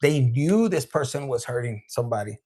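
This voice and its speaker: A man's voice: mid-range voice, lively intonation, brisk, mellow. A man giving a casual tarot reading in a loose, profane way, laughing and dropping Spanish slang. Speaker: tarot reader.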